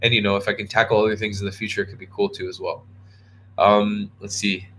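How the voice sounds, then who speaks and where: A man's voice: on the low side, level tone, fast, fairly bright tone, a little hiss or hum. Tired young man rambling on a livestream. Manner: rambling, restarts a lot, reads viewer comments aloud. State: tired and yawning. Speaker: travel vlogger answering live chat. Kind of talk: casual live-stream chat.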